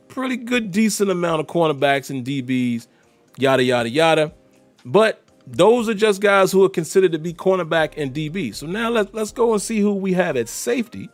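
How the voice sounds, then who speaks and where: This man runs a podcast on his own, addressing listeners head-on in a lively, talkative way. His voice sits on the high side, and the recording has no room sound.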